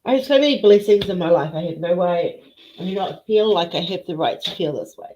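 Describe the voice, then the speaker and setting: A woman's voice: fairly low pitch, expressive, a little fast, mellow. A woman hosting a casual live chat with viewers, emotional and teary, greeting people by name. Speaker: livestream host. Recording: dull lo-fi stream audio.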